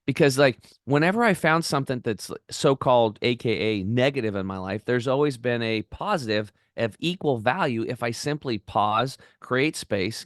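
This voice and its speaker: A middle-aged man, a podcast guest, telling stories in an excited, rambling way and acting out the voices of the people in them. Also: medium pitch, no echo, studio quality. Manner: enthusiastic, rambling, acts out quoted voices. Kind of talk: excited storytelling interview.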